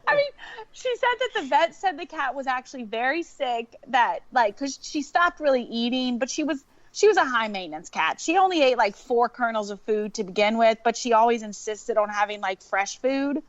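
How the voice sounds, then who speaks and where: A woman's voice: on the high side, normal speed, dry recording. Laughing Southern woman telling a story. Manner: laughing often, animated storytelling. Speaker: podcast guest. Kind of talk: casual storytelling chat. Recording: dull lo-fi sound.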